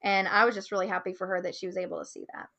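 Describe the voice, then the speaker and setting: Talking rapid-fire in a creaky, medium-pitched voice, a marketing business owner shares an anecdote about a client during a relaxed interview. She performs the quotes with lively animation, though the recording sounds muffled.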